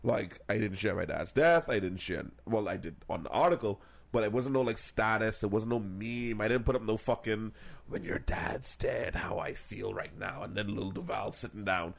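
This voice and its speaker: A young man co-hosting a podcast, telling stories in a profane, animated way and putting on voices for the people he quotes. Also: on the low side, fairly quick, creaky. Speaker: podcast co-host. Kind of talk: casual podcast banter.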